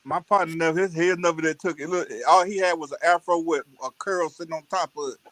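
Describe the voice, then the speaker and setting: A man spins childhood stories in loose, slangy talk. His voice sits high, and he keeps it lively and full of laughter. The sound is close and dry, with no room around it. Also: fast talker, dry recording. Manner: animated, laughing storyteller with Southern US slang. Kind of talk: casual storytelling chat.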